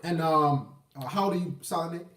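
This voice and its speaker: A man's voice: fairly high pitch, a little fast, a bit bright, recorded from a distance. A man in his thirties hosting a casual call-in live stream, blunt and profane as he urges callers to talk. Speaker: call-in show host. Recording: echoey room, off-mic.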